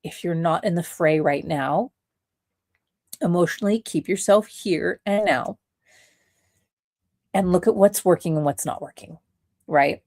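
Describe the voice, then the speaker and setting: A woman's voice: lowish voice, unhurried, long pauses, darkish tone, no echo, studio quality. A woman hosting a casual livestream podcast, talking bluntly, laughing often and acting out the voices of people she quotes. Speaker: podcast host.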